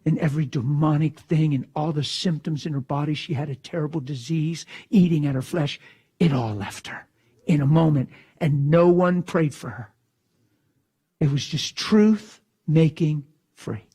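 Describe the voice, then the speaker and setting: A man preaching, telling a story in a hushed voice and then breaking into shouted bursts. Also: a little high, moderate pace, husky. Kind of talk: sermon storytelling.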